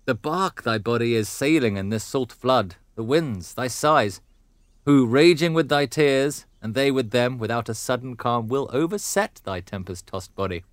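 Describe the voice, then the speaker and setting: A man playing a furious, domineering noble father in a classical drama, blustering between growls and shouts. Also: mid-range voice, lively intonation, normal speed, no echo, studio quality, lightly acted. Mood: mocking.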